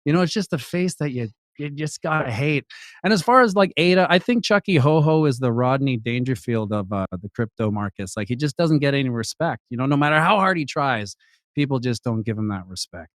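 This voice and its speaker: A man's voice: medium pitch, lively intonation, brisk, fairly bright tone, no echo, clean studio sound. Man telling a mock-dramatic story. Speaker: panel guest. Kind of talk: casual panel chat.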